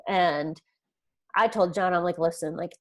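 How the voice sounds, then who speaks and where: Earnest woman guest, slightly low voice. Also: a little slow. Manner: earnest, retells events with quoted dialogue. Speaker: podcast guest. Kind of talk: personal storytelling in an interview.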